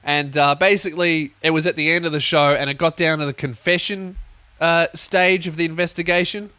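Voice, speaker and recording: Young man ranting, sweary and bright. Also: fairly high pitch, fairly quick, smooth, dry recording. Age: young adult. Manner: swearing, animated, acts out voices. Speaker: comedian podcast host. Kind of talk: comic storytelling rant.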